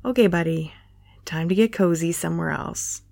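A woman reading a dry, teasing young man with a slightly lowered voice in a romance story. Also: normal speed, gravelly, dark tone, no echo. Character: young adult man, dry, joking, easygoing.

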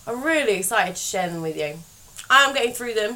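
A tired woman hosting her podcast, speaking slowly in a rambling, self-correcting monologue. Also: fairly high pitch, animated, bright, forceful tone, low-quality recording. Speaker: podcast host. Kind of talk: casual monologue.

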